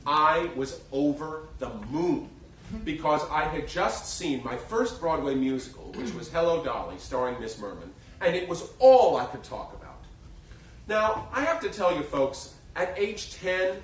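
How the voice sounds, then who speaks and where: A middle-aged man telling comic stories on a theater stage in an animated, theatrical way, in front of a live audience. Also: a little high, a little slow, slight background noise. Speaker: solo stage performer. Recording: echoey theater from far off.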